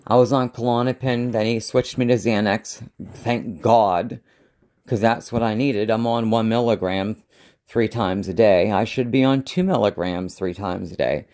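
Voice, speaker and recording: Man, slight lisp, slurring a little, rambling show-and-tell, unhurried. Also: on the low side, a little mellow. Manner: rambling, trailing off, halting restarts. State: slurred speech. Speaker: vlogger. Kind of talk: casual show-and-tell chat.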